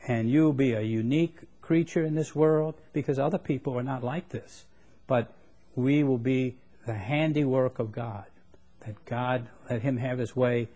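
A man preaching a sermon, plain-spoken and folksy, who reads scripture in quick bursts and raises his voice for emphasis. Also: mid-range voice, warm tone.

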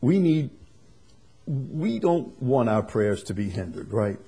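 A man preaching a sermon, swinging from quiet and conversational to loud, emphatic passages. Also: mid-range voice, sing-song, slow pace, vocal fry, breathy edge. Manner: builds to loud emphatic preaching, then drops soft. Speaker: pastor.

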